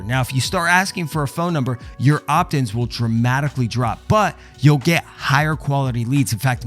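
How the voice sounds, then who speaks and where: A man teaching copywriting in a step-by-step walkthrough, emphatic and checking in often with the listener. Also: medium pitch. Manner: emphatic, explains step by step with repeated "okay?" check-ins. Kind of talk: screen walkthrough tutorial.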